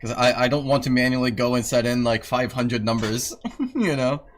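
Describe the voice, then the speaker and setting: Man, live streamer, casual chat, swears a lot, grumbles, mid-pitched, faint background hiss. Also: moderate pace. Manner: teasing his dog, then griping about tedious work, swearing casually.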